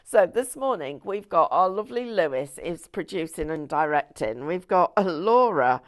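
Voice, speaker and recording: A woman's voice: on the low side, gravelly. A woman hosting a live shopping show from a TV studio, chatting in a rambling way and laughing often.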